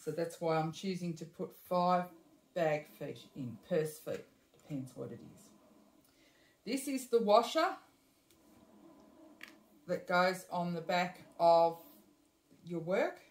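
Speaking slowly with long pauses, a woman with a low, darkish voice gives a casual sewing demonstration as a bag-making tutor. The room echoes, and she chats along, fixing her own slips and adding side comments.

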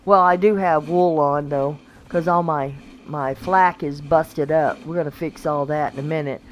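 A woman's voice: sits low, steady tone, moderate pace. A woman giving casual, chatty gameplay commentary, talking to the creatures on screen and laughing often. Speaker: gaming channel host.

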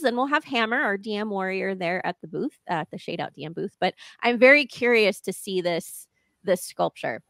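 A woman's voice: mid-range voice, lively intonation, normal speed, vocal fry, fairly bright tone, dry recording, studio quality. An American woman hosting a podcast, chatting in a bubbly, gushing way and laughing often. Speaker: podcast host. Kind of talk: casual interview chat.

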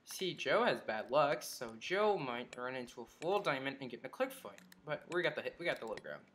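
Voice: medium pitch, very animated, brisk, a bit bright, slight background noise. Chatty gamer muttering over keyboard clicks. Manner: chatty, mutters and reacts to the game. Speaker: gaming commentator. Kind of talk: live gameplay commentary. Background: keyboard and mouse clicks.

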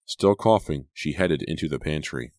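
Very deep-voiced man reading horror. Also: a little mellow, no room sound. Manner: measured, suspenseful reading. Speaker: audiobook narrator. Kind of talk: scripted horror narration.

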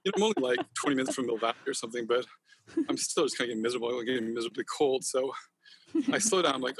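A man speaks quickly and with passion, rambling as a podcast guest. His voice has a husky edge. His swearing comes easily, in a loose and casual way. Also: mid-range voice. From Northern California. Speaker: podcast guest, company founder. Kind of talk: casual interview chat.

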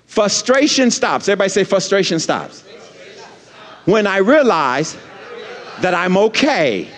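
High-voiced man preaching in a reverberant church. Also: very animated, a little slow, fairly bright tone. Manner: repetitive call-and-response preaching, asks congregation to repeat. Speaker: pastor. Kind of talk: sermon. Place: church sanctuary. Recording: long church hall reverb.

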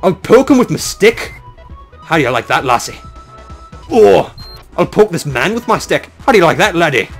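A man's voice: fairly high pitch, sing-song, faint music behind, pitched above the performer's own voice. A man voicing a boastful, taunting male shark pirate in a clumsy, exaggerated pirate accent. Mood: gloating. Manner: gruff, taunting, drawn-out growls.

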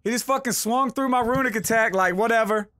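A man streaming live gameplay, talking through fights with a lot of swearing and frustrated yelling. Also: very high voice, fairly quick, dry recording, clean studio sound. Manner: excitable, swearing, yells in frustration. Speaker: gaming streamer. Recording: game music behind the voice.

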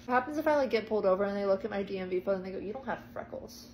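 Young woman vlogger, chatty storytime delivery, mid pitch, faint background hiss. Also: lively intonation, lo-fi sound. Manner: chatty, self-deprecating, quick asides. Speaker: TikTok storyteller. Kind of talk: casual storytime vlog. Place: parked car in the rain. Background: faint rain ambience.

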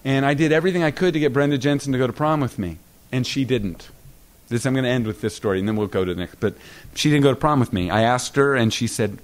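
Middle-aged man telling stories at a lecture. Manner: animated anecdotes, acting out other people's lines with a raised pitch; stammering, repeating himself. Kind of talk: storytelling lecture. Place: lecture hall.

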